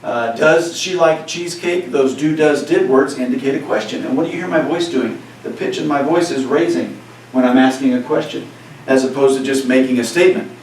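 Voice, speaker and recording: A man's voice: medium pitch, a little fast, a little mellow, slight background noise. Echoey distant male teacher in a classroom. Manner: conversational, frequent "right?" check-ins. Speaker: Spanish teacher. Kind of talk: classroom lecture. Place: classroom, recorded for cameras.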